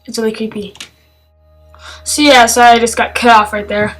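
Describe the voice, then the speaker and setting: Woman film reviewer, slightly high voice, chatty and halting, faint music underneath. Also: little pitch movement, poor audio. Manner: rambling and hesitant, with many fillers and restarts; enthusiastic. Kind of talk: casual spoken film review.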